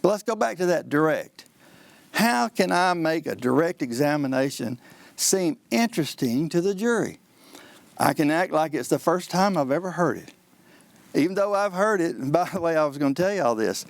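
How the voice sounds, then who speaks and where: A man, a trial lawyer explaining how trials work on a call-in show, in a folksy, animated way that acts out courtroom exchanges. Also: a little high, creaky, no room sound.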